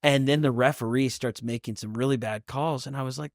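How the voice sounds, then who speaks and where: A man, a pastor who hosts a podcast, interviewing a guest and telling stories with lively acted-out shouting. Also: medium pitch, a little fast, few pauses, no room sound, studio quality. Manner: animated storyteller, acts out shouting.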